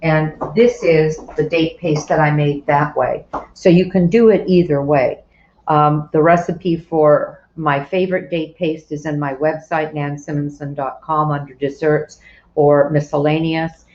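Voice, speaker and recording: A woman's voice: sits low, fairly even intonation, measured pace, a little mellow. A woman teaching a live cooking class in her kitchen, chatty, explaining each step and adding asides as she works. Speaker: cooking instructor. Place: home kitchen. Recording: roomy, distant, dull sound with faint kitchen noise.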